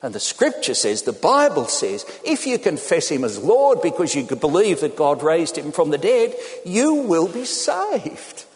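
High, animated male preacher in a hall. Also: moderate pace, hardly any pauses. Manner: animated, acts out quotes in changing voices. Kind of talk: sermon. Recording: long hall reverb.

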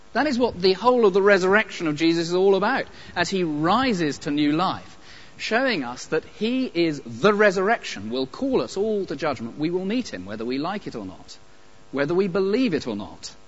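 A man preaching a sermon, emphatic and animated, with pauses and light asides. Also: on the high side. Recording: dull lo-fi recording.

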